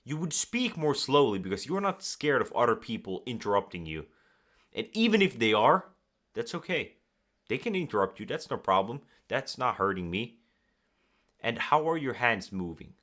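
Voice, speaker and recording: A man speaking as a communication coach, giving direct-to-camera advice in an animated way and acting out nervous and calm examples. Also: medium pitch, moderate pace.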